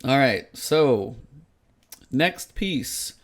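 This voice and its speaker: A man's voice: medium pitch, sing-song, extremely slow. A man co-hosting a gaming podcast in casual chat, sarcastic and exasperated as he picks apart game design. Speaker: podcast co-host.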